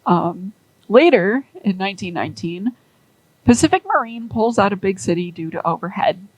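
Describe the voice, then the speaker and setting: A woman's voice: mid-range voice, lively intonation, normal speed, no echo, low-quality recording. A woman rambling through a story in casual chat, with lots of "like" and acted-out quotes. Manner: rambling, many "like"s, acts out quoted characters.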